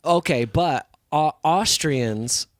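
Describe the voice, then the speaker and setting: A man's voice: fairly high pitch, takes it slowly, no room sound, studio quality. A man co-hosting a live stream, chatting casually and playfully. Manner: playful, game-show voice put-ons. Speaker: livestream co-host. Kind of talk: casual chat.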